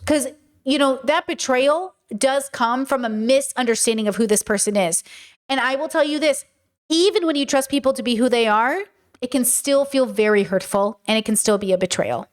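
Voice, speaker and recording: A woman in her thirties hosting a casual commentary video, talking straight to her viewers in a chatty, emphatic way. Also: a little high. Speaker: video essay host.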